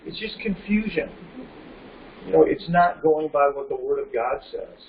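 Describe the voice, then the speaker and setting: A man preaching a verse-by-verse Bible lesson, reading scripture slowly and deliberately and putting questions to his listeners before answering them himself. He sounds distant from the mic in a roomy, echoing space. The recording is dull and lo-fi, with a faint hum of ambience behind him. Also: a little high, lively intonation. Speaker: Bible teacher. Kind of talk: sermon, teaching verse by verse.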